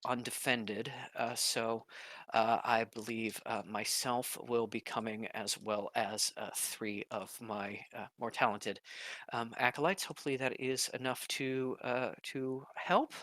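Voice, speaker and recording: A man's voice: mid-range voice, steady tone, unhurried, fairly bright tone, dry recording, natural voice. A man voicing a prim, overly polite woman cleric who heads a church, flustered and stammering.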